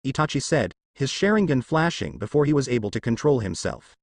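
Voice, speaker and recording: Guy reading a fan story out loud, lively up and down voice, dry close mic. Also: mid-range voice, a little fast, few pauses, no room sound. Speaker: narrator.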